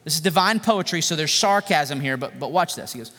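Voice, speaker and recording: A man preaching a sermon in an animated, joking, conversational way. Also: on the high side, fairly quick. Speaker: pastor. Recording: echoey hall reverb.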